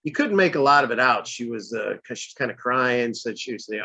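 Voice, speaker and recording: A man co-hosting a podcast, telling a story in an animated way and getting worked up. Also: medium pitch, fairly quick, creaky. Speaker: podcast co-host. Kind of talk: casual podcast chat. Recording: dull lo-fi audio.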